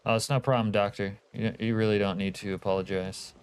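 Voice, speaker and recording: A man's voice: on the low side, little pitch movement, fairly quick, slight background noise. A man from Canada streaming a multiplayer survival game, chatting casually with teammates and viewers, joking and swearing freely. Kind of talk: casual gaming livestream chat.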